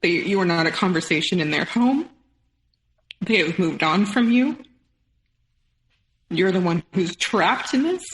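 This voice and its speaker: Woman, thirties, podcast guest, emotional retelling, lowish voice, echoey room. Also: expressive. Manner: emotional, quotes others in rapid retelling. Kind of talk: personal story interview.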